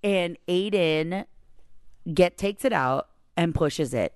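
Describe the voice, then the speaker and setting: A woman in her forties co-hosting a podcast, telling a story in a lively way and laughing often. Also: on the low side, takes it slowly, clean tone, dry recording, clean studio sound. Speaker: podcast co-host. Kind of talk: casual chat, animated storytelling.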